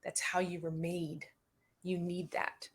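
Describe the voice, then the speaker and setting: A woman therapist speaking as a podcast guest, reflective and measured, with occasional light laughs. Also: fairly low pitch, level tone. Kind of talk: interview conversation.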